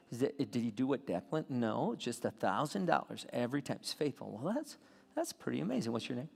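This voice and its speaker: Gravelly male preacher in a big hall. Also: medium pitch, fairly quick. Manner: animated storytelling with sudden loud peaks. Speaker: pastor. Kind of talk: sermon. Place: church sanctuary. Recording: long hall reverb.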